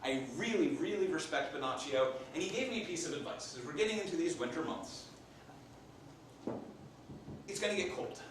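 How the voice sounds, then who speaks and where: A man doing a comic in-character monologue as an improv performer, an animated storyteller playing a Renaissance papal scribe. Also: fairly high pitch, moderate pace, pauses often, background noise. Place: live theater stage. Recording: echoey stage from far off.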